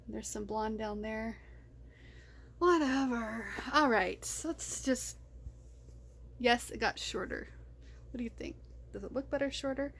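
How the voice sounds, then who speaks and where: A woman talking to her camera in an unscripted video diary, rambling and distracted, often breaking into laughter. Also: on the high side. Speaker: vlogger.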